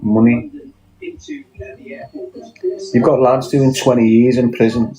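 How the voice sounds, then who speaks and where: A man's voice: mid-range voice, little pitch movement, slow pace, rough recording. A Scouse man talking bluntly in casual chat, swearing often and firing off rhetorical questions. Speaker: podcast guest.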